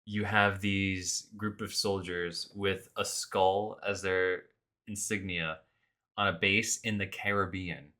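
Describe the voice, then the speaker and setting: A man co-hosting a podcast, recapping a video game in animated, sarcastic casual chat. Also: deep voice, slow. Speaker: podcast co-host.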